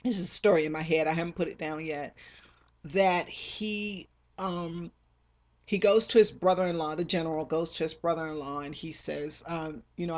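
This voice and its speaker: Novelist, casual interview, mid-pitched, meandering delivery heavy on fillers, slips into character lines when retelling scenes. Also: steady tone, normal speed. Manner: rambling, many fillers and restarts. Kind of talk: casual talk about own novels.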